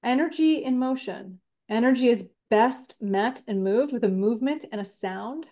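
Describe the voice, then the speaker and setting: A woman speaking as a podcast guest, talking in an animated and reflective way and acting out her own inner thoughts as she explains. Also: on the high side, normal speed. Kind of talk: reflective conversational interview.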